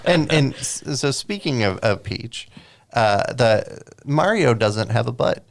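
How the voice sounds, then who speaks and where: Gravelly-voiced man podcast co-host. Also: mid-range voice, animated, slow, slight background noise. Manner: frequent "mm-hmm" backchannels, joking. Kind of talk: casual chat.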